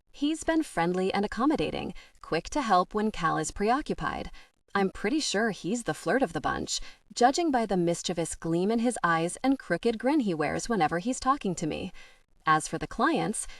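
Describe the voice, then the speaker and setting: Audiobook narrator, woman, mid pitch, first-person storytelling, dry close-miked studio. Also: dry recording, recorded from a distance.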